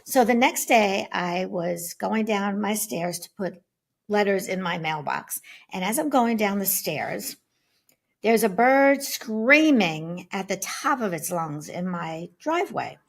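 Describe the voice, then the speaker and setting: A woman guest speaker telling personal stories on an online panel, animated, acting out voices as she goes. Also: mid-range voice, slow pace, creaky. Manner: animated storyteller, acts out voices. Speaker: guest speaker on spirit signs. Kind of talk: storytelling in a panel talk. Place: online summit panel, video call.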